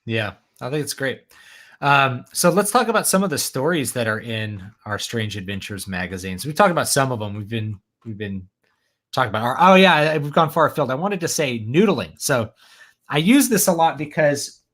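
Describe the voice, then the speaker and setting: A man's voice: medium pitch, expressive, moderate pace, fairly bright tone. A man hosting a casual video chat, talking with enthusiasm and acting out film lines he loves. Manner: enthusiastic, quotes movie lines. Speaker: podcast host.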